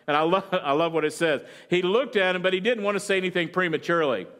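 A man preaching, retelling a dramatic story with quoted lines and halting fillers. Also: high-pitched, a bit bright, smooth. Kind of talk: sermon storytelling.

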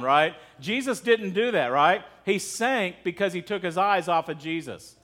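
High-voiced man preaching a casual sermon. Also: expressive, a little slow, a bit bright. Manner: conversational, asks the congregation questions. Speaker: pastor.

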